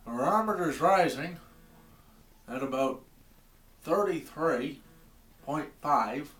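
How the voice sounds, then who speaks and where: A man's voice: fairly high pitch, expressive, slow pace, a bit bright, reverberant, distant mic. A man voicing a porch-sitting weatherwatcher in a put-on Southern drawl, drawing out his words. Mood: easygoing.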